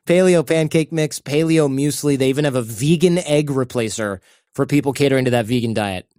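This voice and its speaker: A man's voice: medium pitch, fairly quick, darkish tone, no echo, clean studio sound. Chatty male podcast host reading ads. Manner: chatty, acts out little quoted voices. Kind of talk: casual ad read with banter.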